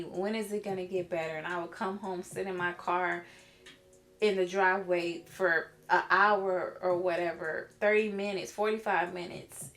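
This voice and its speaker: A woman's voice: on the low side, a bit bright. A young adult woman vlogging casually to camera, earnest and encouraging as she talks about her life. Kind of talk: casual vlog talk to camera.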